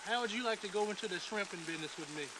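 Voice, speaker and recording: A man's voice: high voice, very fast, lightly acted. An actor playing a friendly, talkative young soldier who eagerly rambles about his plans. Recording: film clip with rain noise.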